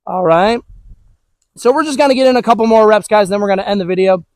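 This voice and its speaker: A man with a notably high voice, chatting his way through an outdoor dog training lesson. His delivery is relaxed and loose, peppered with "all right" and "you know". The recording is dry and close. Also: quick pace, no echo, low-quality recording. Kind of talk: casual instructional talk. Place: outdoors with dogs.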